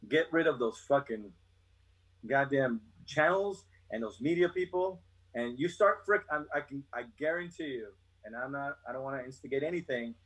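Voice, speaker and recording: A man's voice: medium pitch, a bit bright, low-quality recording. A man in his fifties, a retired soldier and podcast guest, ranting bluntly with constant swearing. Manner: blunt, heavy swearing, fired-up rant. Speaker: guest, retired Army chief warrant officer. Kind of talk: casual podcast chat.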